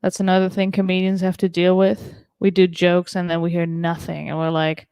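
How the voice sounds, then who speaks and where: A woman's voice: lowish voice, little pitch movement, unhurried, vocal fry, a little mellow, smooth, no room sound. A woman from Germany doing a stand-up comedy set over a video call, chatty and self-deprecating with many fillers.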